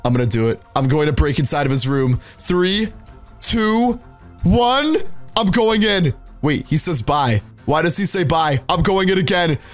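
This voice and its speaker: High, hyped male gaming commentator. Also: lively intonation, brisk, faint music behind. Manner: hyped and exclamatory, talks straight to viewers. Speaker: Minecraft gaming YouTuber. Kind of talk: excited gameplay commentary.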